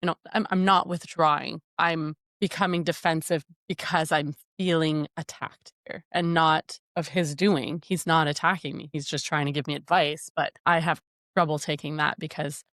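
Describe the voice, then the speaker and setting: A woman's voice: sits low, fairly even intonation, moderate pace, a bit bright, no echo, clean studio sound. A woman co-hosting a marriage podcast, reflecting and brainstorming aloud in casual talk. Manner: thinks aloud, brainstorming with "you know". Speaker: podcast co-host.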